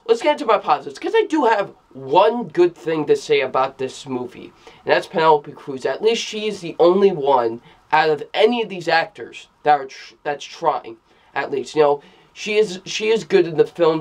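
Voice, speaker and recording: A man giving a casual spoken film review, blunt and emphatic, who repeats himself and restarts his sentences. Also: on the high side. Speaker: movie reviewer.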